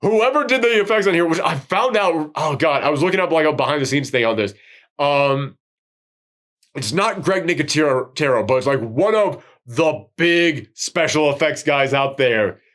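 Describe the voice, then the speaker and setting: Male podcast host, fairly high voice, rambling and excitable. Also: moderate pace. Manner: excitable, rambling, swears freely. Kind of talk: casual film recap chat.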